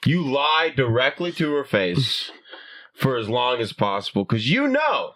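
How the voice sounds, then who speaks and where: A man's voice: mid-range voice, animated, unhurried, fairly bright tone, no room sound. A young man from the United States, a stand-up comic who riffs with mock aggression and slips into silly voices in casual podcast banter. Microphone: studio mic.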